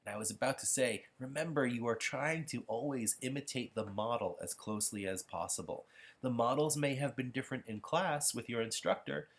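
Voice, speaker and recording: A man giving a patient, explanatory pronunciation lesson while walking through practice software. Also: medium pitch, a little fast. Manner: patient, explanatory, self-correcting. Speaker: pronunciation instructor. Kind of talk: software demonstration tutorial.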